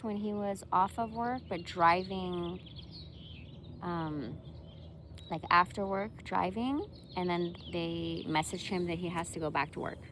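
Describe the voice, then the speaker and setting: A woman's voice: on the low side, slight background noise. A woman vlogger chatting casually to her viewers, swearing freely and breaking into laughter. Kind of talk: casual chat to camera.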